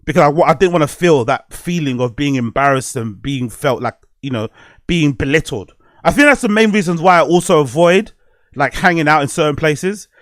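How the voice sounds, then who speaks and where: Animated and moderately paced, this man's voice sits on the high side, captured at studio quality with no room sound. He hosts a podcast and rambles candidly through a personal story in a casual monologue, cursing frequently.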